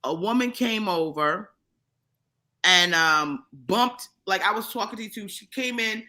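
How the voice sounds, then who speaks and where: A woman guest on a live-streamed podcast, telling a profane story in an animated, casual way with many restarts. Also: medium pitch, unhurried, rough recording. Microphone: live stream mic.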